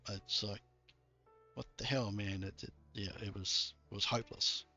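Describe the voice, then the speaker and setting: A man's voice: lowish voice, fairly even intonation, normal speed, sharp tone. A man streaming a game, chatting casually and rambling, with occasional swearing. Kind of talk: casual chat. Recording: dull lo-fi stream audio with faint music.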